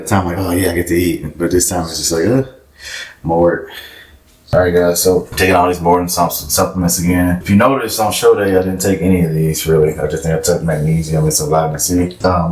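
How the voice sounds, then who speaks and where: Low-voiced easygoing man in an echoey room. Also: a little mellow. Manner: easygoing, chatty, explains as he goes. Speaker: bodybuilder vlogger. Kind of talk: casual vlog talk to camera. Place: indoor room away from home.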